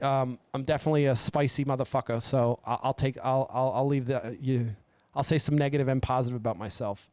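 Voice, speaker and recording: A man's voice: fairly high pitch, a little mellow, clear, resonant tone, no room sound. A man hosting his own show, ranting alone in a blunt, rambling way and swearing a lot. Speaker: podcast host. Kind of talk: profane solo rant. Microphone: studio mic.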